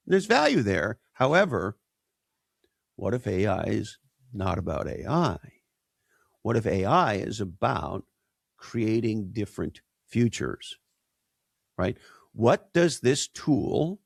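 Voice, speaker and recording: A man's voice: mid-range voice, vocal fry, dry recording, studio quality. A man speaking as an interview guest, emphatic and punchy, tossing out rhetorical questions. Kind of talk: conversational interview.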